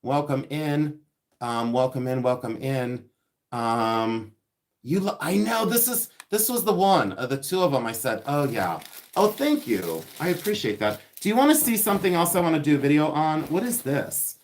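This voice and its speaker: A man's voice: fairly high pitch, big pitch swings, normal speed. Chatty man hosting a vintage livestream. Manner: chatty, distracted, reads viewer comments aloud. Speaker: livestream host selling vintage finds. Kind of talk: casual livestream chat.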